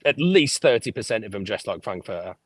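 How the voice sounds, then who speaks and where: A man, a podcast guest telling lively stories about his life and swearing freely. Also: fairly low pitch, brisk, husky, dry recording. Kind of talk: casual storytelling interview.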